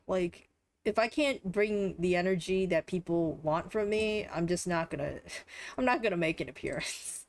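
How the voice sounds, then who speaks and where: A young adult woman streaming live, talking through a game in a rambling, offhand way and swearing casually. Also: fairly low pitch. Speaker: livestreamer.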